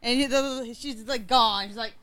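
A woman's voice: a little high, normal speed, a crowd in the background. A woman telling a casual story with animation, acting out the voices of the people and the dog she quotes.

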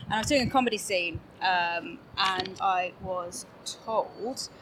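A woman's voice: fairly low pitch, slow, noisy background. A woman guest on a podcast, chatting casually and laughing often as she pokes fun at herself. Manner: bubbly, laughs often, self-mocking. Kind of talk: casual interview chat.

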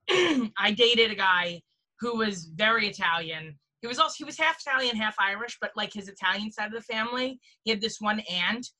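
A woman with a bright, forceful voice tells a rambling anecdote on a comedy podcast. She leans hard on "like" and keeps the tone loose and chatty. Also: mid-range voice, expressive, normal speed. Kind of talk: casual comedic storytelling.

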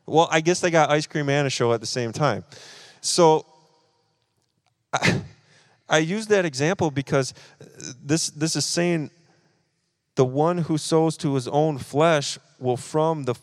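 A man's voice: on the high side, unhurried, pauses often, no echo, clean studio sound. A man, preaching at a church service and animatedly acting out his own frustration while telling a personal story. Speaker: pastor.

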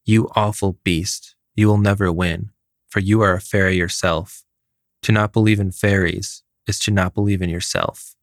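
A small, cruel fairy mother sneers her words out slowly and deliberately, as a man puts her on while reading the tale. Her voice sits low and sounds dry and close. She talks with open contempt. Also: fairly even intonation, no echo. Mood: snarling. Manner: snarling, contemptuous, slow and deliberate.

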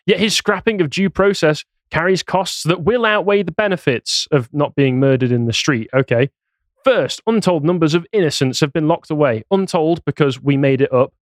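A man's voice: medium pitch, no echo. Sarcastic man, dry close mic. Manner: sarcastic, mocking asides with laughter. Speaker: podcast co-host. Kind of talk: casual chat, reading articles aloud.

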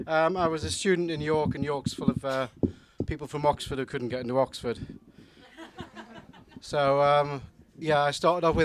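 Slightly high-voiced northern English poet. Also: male voice, fairly even intonation, normal speed, a little hiss or hum. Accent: soft northern English, not strongly Geordie. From Newcastle. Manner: hesitant with many ums, drops to hushed intimate reading. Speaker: comedy poet performer. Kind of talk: live spoken-word poetry performance. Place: live venue with audience.

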